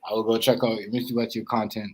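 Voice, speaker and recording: A man's voice: fairly low pitch, little pitch movement, fast, a little mellow, low-quality recording. A man hosts a laid-back podcast conversation. His talk is loose and rambling, and he circles back over the same phrases again and again. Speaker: podcast host. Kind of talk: casual chat.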